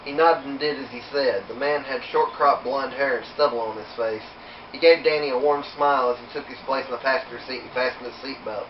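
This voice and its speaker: A man reading his own horror story aloud in a steady, unhurried storytelling manner. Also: mid-range voice, slight background noise. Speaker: author reading his book. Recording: roomy, distant, dull home recording.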